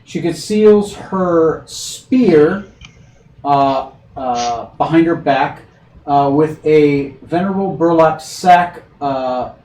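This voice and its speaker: A man narrating as game master of a tabletop game, halting and hesitant as he reads out descriptions. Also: on the high side, a little mellow. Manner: halting, many fillers, reading descriptions aloud. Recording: echoey room, far from mic, faint hiss.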